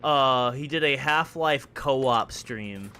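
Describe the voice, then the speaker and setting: A man chatting casually while playing a video game, relaxed and rambling, with plenty of swearing. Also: mid-range voice, takes it slowly, clear, resonant tone. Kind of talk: casual gameplay chat.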